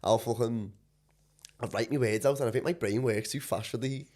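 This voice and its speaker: A man with a Liverpool accent chats as a podcast guest, rambling casually and swearing freely. His voice sits at a middling pitch for a man. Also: fairly even intonation, moderate pace, a little mellow. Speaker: guest, mind and body coach. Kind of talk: casual chat.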